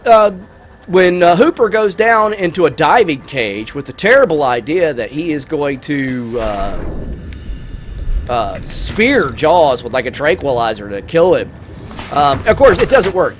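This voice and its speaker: A man casually chatting over a video game while retelling a movie plot, rambling and excitable, with lots of fillers. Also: fairly high pitch, a little hiss or hum. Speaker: gaming YouTuber. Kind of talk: casual gameplay commentary with movie review.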